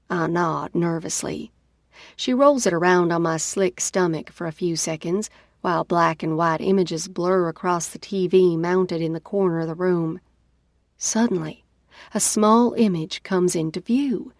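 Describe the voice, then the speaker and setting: A woman narrating an audiobook in the first person, unhurried. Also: fairly low pitch, darkish tone, no room sound, studio quality.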